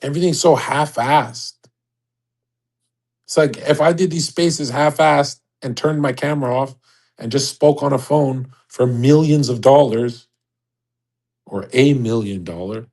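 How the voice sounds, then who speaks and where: A man's voice: mid-range voice, darkish tone. A man hosting a livestream, delivering a crude, rambling, exasperated monologue. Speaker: livestream host. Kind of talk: profane ranting monologue.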